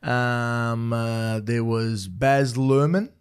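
A man's voice: medium pitch, drawn-out words, clean tone. A man co-hosting a comedy podcast, chatty and giggling through stories. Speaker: podcast co-host. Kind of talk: casual comedy chat.

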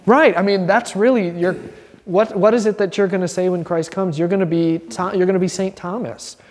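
Fairly quick and animated, a man with a slightly high voice teaches an informal Bible class with real earnestness. He dramatizes short quotes and begins sentences over, and a long hall reverb rings through the audio.

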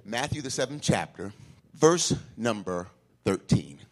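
A male pastor preaching in a church, swinging from shouts to hushed asides and calling for responses. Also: fairly low pitch, lively intonation, a little slow. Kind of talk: call-and-response sermon.

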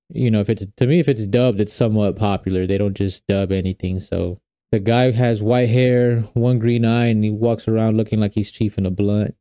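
A man's voice: fairly low pitch, dark tone, clean tone, no room sound. A young man hosting his own podcast, talking casually and rambling with fillers and restarts. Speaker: podcast host. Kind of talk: casual solo podcast talk.

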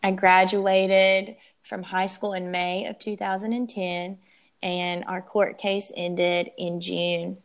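Slow-spoken young woman, emotional. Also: mid-range voice, flat delivery. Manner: emotional, halting, restarts often. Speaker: interview guest. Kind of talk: personal testimony interview.

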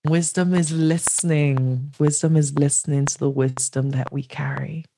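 A woman from Nigeria, a writer and storyteller, speaking as a podcast guest in a calm, measured, meditative way. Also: low voice, gravelly, background noise. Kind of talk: reflective interview answer.

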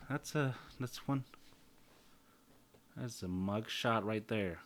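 A man hosts his own podcast in a loose, rambling chat. His voice sits a little low, and he swears casually. He keeps drifting off topic and poking fun at himself. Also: slow pace, long pauses. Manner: rambling, profane, self-mocking jokes. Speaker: podcast host.

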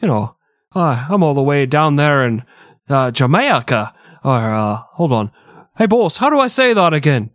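A hotline psychic with a bungled, drawn-out put-on accent and a raised, higher voice, as a man puts him on. The sound is dry and close. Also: big pitch swings, dry recording. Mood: flustered. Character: fake phone psychic man faking Jamaican voice.

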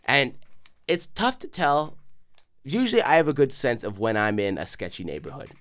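A man's voice: mid-range voice, wildly swooping pitch, moderate pace, fairly bright tone. A young Canadian man co-hosting a podcast, telling a profane, rambling story and acting out quotes in voices. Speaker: podcast co-host. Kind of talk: casual storytelling chat.

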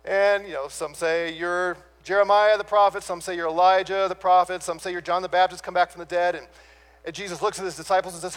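Preacher, male, high voice; pauses hard on key words, questions the congregation. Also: fairly bright tone. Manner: asks the listeners rhetorical questions; dramatic pauses on key words, then rushes on. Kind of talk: sermon.

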